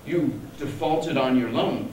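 A man's voice: medium pitch, takes it slowly, a little mellow, slight background noise, close to an everyday voice. A man voicing a fiery southern woman bank teller in an overdone mock drawl, heard from far off in an echoey hall. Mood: stern.

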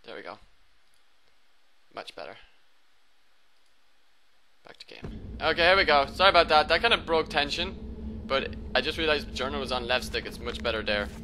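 A young man giving casual gameplay commentary as a let's play host, joking, swearing often and reacting loudly when startled. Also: a little high, lively intonation, brisk, a little hiss or hum. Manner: jokey, swears a lot, loud startled reactions.

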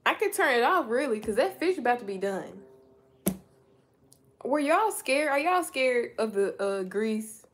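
A woman's voice: a little high, big pitch swings, a little slow. A woman chatting casually to her viewers while she cooks in her home kitchen, filmed on a phone. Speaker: vlogger. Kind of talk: casual late-night cooking vlog. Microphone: phone camera. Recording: phone audio with loud frying noise. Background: sizzling frying oil and running tap.

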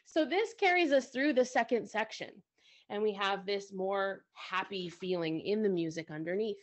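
A woman's voice: medium pitch, moderate pace. A woman co-host teaching music at the piano, talking conversationally and often checking in with her listeners.

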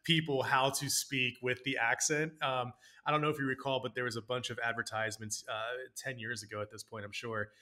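A man's voice: medium pitch, little pitch movement, brisk, pushed and bright. A man hosting a podcast, asking questions in a playful, joking way and laughing a lot. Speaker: podcast host. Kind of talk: conversational podcast interview.

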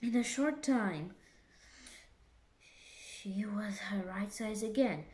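A woman reading a simplified children's story aloud, careful and deliberate, with a few small restarts. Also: medium pitch, dark tone, reverberant. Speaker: reader. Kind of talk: slow storybook read-aloud.

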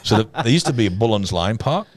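A man in his sixties with an Australian accent, a pastor co-hosting a show, telling a long funny story in a casual, animated way and often laughing. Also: lowish voice, quick pace, soft background music.

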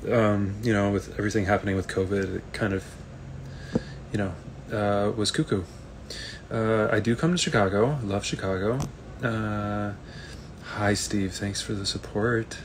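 A man, an actor, chatting casually on a live video stream, reading fan comments aloud and answering them in a relaxed, rambling way. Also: fairly low pitch, measured pace, slight background noise.

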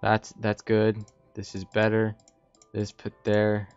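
A young man giving jumpy, excitable commentary while playing a Minecraft survival match, talking to himself and often yelping in panic. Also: on the low side, slow, smooth. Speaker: gaming YouTuber. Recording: slightly dull lo-fi audio.

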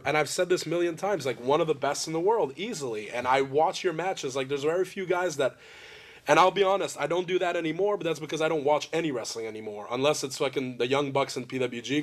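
A man interviewing a friend, telling long rambling stories bluntly and swearing freely. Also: fairly high pitch. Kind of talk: candid interview conversation.

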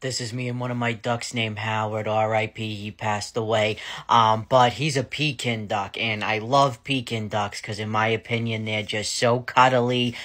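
A man's voice: on the low side, level tone, normal speed, hardly any pauses, a bit bright. A man telling a funny family story to camera in a chatty, self-mocking way, laughing and swearing casually as he goes.

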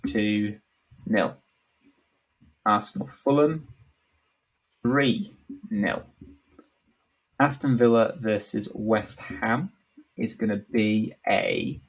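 A man's voice: mid-range voice, husky, rough recording. Man in a joking solo commentary. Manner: offhand, joking, many fillers. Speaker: vlogger. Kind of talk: casual predictions commentary.

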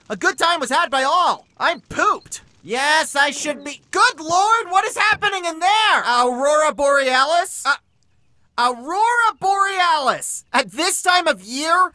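A man's voice: very high-pitched, bright, forceful tone, no room sound, voice pushed up, heavily acted. A man voicing a manic triangle dream demon who has possessed people, in a gleeful, mocking fan comedy dub. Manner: gleeful, mocking, over-the-top.

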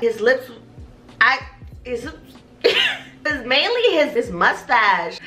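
A woman's voice: on the high side, reverberant. A young woman vlogger telling a story to camera in a casual, cursing manner, acting out the people in it. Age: young adult. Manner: animated, cursing, acts out voices. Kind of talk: storytime vlog.

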